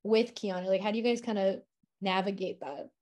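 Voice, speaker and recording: A woman's voice: medium pitch, steady tone, a little fast, darkish tone. A woman in her thirties interviewing an actress, chatty and enthusiastic, with lots of "like" fillers. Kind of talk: casual interview chat.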